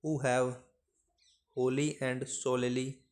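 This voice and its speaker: Male dictation reader, flat and very slow, spacing out words for transcription drills. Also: mid-range voice. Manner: measured, monotone delivery of isolated phrases. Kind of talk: slow dictation of word lists.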